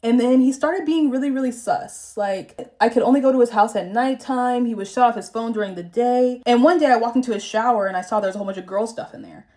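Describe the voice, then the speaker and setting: This young adult vlogger from the American South talks fast with few pauses, her voice a little high and warm in tone. She chats openly and profanely about a fake friend as she does her makeup.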